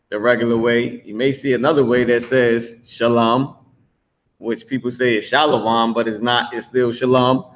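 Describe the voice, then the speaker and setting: A man's voice: mid-range voice, fairly bright tone, dull audio. A man teaching a class, blunt and emphatic, swearing freely as he explains.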